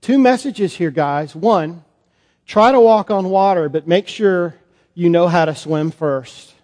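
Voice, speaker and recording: A man, a priest, performing a first-person Bible monologue in a sermon, conversational and halting with fillers. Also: high-pitched, darkish tone. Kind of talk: dramatic monologue as Peter in a sermon. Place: church sanctuary. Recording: long church reverb.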